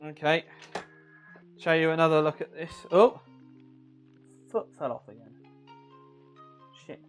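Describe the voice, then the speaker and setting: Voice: mid-range voice, fairly even intonation, a little slow, soft background music. A streamer chatting casually on a live repair stream, swearing freely and reading viewer messages aloud.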